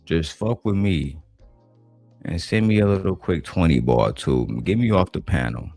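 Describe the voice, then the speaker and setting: Man doing a deep, smooth-talking seducer voice. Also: animated, mellow, no room sound, soft background music. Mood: crooning. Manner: slow, low, crooning.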